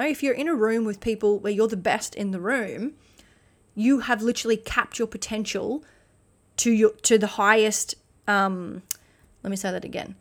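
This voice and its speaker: A woman giving a blunt motivational monologue as a podcast host, swearing freely and restarting sentences. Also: medium pitch. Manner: acts out quoted voices in animated bursts.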